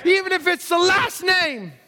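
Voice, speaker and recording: A man preaching a sermon, storytelling and acting out biblical characters, swinging from shouts to hushed asides. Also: extremely high pitch, expressive, moderate pace. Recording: long hall reverb.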